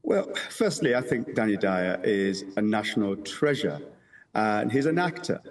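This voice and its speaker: A man, a councillor, being interviewed on television, who speaks in a measured way, pronouncing every word carefully, with hesitant fillers. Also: on the low side, sing-song. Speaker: councillor guest.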